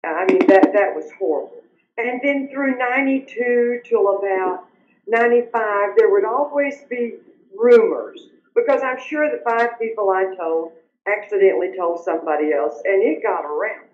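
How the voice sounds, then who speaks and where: An older woman, earnestly telling her personal story as an interview guest, sometimes halting when upset. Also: medium pitch, a little hiss or hum. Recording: roomy, muffled remote audio.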